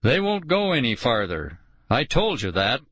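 A man's voice: mid-range voice, wildly swooping pitch, moderate pace, a bit bright, breathy edge, no echo, exaggerated voice. A man voicing a grim, wary sled-dog musher who insists on warnings, in an audiobook. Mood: insistent. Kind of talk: audiobook character voice.

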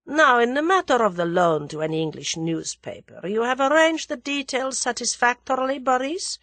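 A woman reading aloud, voicing a soft-spoken, sibilant, dangerous conspiracy leader. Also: a little high, animated, normal speed, dry recording, pitched above the performer's own voice. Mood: cold.

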